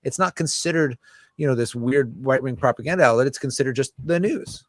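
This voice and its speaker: An American man with a medium-pitched voice speaks a little fast, with no echo. He's an interview guest, a writer and musician, talking casually and passionately, swearing freely and animatedly acting out other people's voices.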